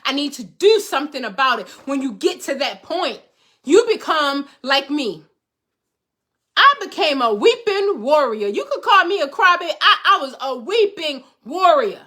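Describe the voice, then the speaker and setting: Middle-aged woman, motivational host, high bright voice, emphatic and preachy. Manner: emphatic, preachy, repeats phrases for rhythm. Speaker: host, life coach. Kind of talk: motivational talk to viewers.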